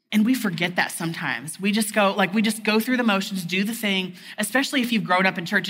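A woman's voice: mid-range voice, a bit bright, breathy edge. A woman giving a chatty, candid sermon at a conference, peppering her talk with "like". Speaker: conference speaker. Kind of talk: conversational sermon. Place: conference hall stage. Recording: long reverb of a large hall.

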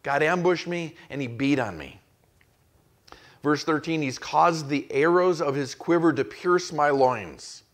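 Man, pastor, sermon in church, fairly high voice, voices quotes with building intensity. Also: measured pace. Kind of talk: expository sermon.

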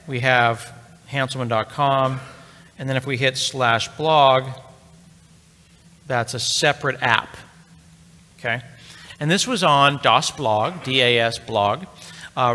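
In a large conference hall with long reverb, a middle-aged man with a bright, forceful mid-range voice gives a live tech talk. He tells a story in a chatty, joking manner, addressing the crowd directly.

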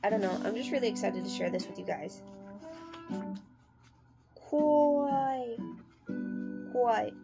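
A woman hosting a casual unboxing vlog, chatty and halting, slowly sounding out words as she goes. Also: fairly low pitch, gravelly, loud music behind the voice. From United States. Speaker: channel host.

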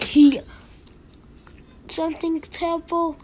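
A woman voices every cat in a homemade cartoon, her high voice leaping all over the place. She lets out frequent shrieks and goofy sound effects, and between them she drags her lines out very slowly. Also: expressive, a little hiss or hum. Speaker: amateur animator voicing all characters. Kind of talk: playful homemade cartoon voicing.

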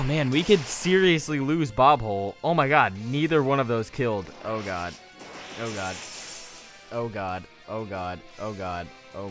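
Young male let's-play host, jumpy and talkative, mid-pitched voice, faint music under him. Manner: excitable, swings from loud outbursts to low muttering. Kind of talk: casual gameplay commentary.

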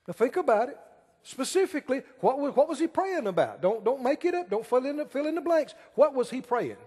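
High, lively-voiced male preacher in a hall. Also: brisk, husky. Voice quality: emphatic, asks the congregation questions and drags out key words. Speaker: pastor. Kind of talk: sermon.

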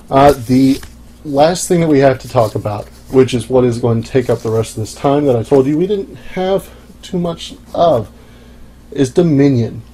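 A man's voice: mid-range voice, dark tone, husky, rough recording. Wry, offhand male podcast host. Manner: dry, offhand and wry, with frequent "uh" pauses. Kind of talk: casual solo podcast monologue.

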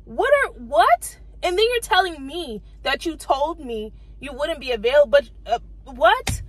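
A woman's voice: sits high, moderate pace, no echo, rough recording. A young woman, venting exasperated rants to her vlog camera from her car. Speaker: vlogger.

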